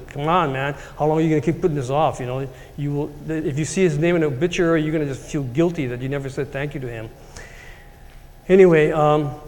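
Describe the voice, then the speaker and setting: Sixty-something guy telling a rambling heartfelt story to his church, kinda high voice, lots of hall echo. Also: a little mellow. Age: 60s. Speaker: church speaker. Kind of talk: personal story talk.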